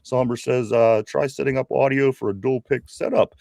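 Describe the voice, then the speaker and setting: A man's voice: medium pitch, steady tone, normal speed, creaky, a little mellow, no echo, clean studio sound. Chatty man reading live chat. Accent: Pittsburgh. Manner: reads viewer comments aloud, chatty, many fillers and restarts. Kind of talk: casual live-stream chat.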